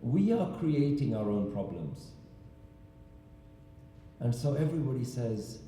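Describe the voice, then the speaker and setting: Guy preaching in a big temple hall, deep mellow tone, really echoey and far off the mic. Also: sing-song, unhurried, pauses often, slight background noise. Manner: storytelling with rhetorical questions. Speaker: religious speaker. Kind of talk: sermon-style talk.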